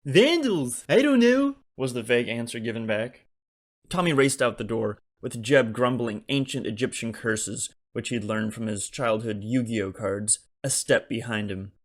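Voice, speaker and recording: A man, the author, narrating his own comic novel as an audiobook in a wry, deadpan delivery. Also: lowish voice, normal speed.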